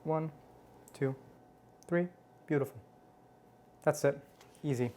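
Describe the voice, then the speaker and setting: With a dark tone and an unhurried pace at medium pitch, a host shows how to mix cocktails at home. They chat playfully, make self-deprecating jokes, and hum appreciatively while tasting.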